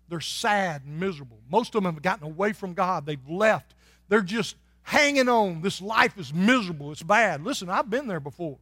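Male pastor, high-pitched, folksy preaching from hushed to shouting. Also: dry recording. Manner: folksy, swings from soft and low to loud and shouting. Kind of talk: sermon.

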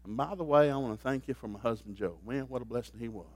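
A man preaching a sermon, telling stories in an animated way and laughing at them. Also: mid-range voice, fast. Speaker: pastor. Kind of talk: storytelling sermon.

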